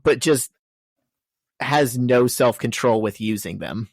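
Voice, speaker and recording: A man's voice: medium pitch, takes it slowly, vocal fry, no room sound. A man co-hosting a podcast, chatting casually and adding wry, dry quips. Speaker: podcast co-host. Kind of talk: casual chat.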